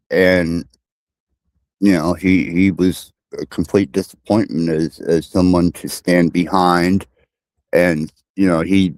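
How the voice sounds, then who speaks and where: A man with a very low voice joins an online panel as a guest. He talks bluntly and haltingly, often repeating his words. The sound is close and dry. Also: a little mellow, dry recording. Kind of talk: casual online panel chat.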